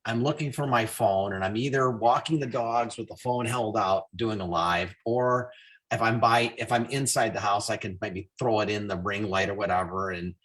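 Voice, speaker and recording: A man hosting a business call, telling stories in a casual, animated way. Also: on the low side, normal speed. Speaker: host.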